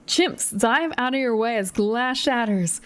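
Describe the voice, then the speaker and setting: A woman's voice: a little high, expressive, a little slow, fairly bright tone, clear, resonant tone. A young woman streamer reading a choose-your-path gamebook aloud, with chatty, giggly, self-deprecating asides.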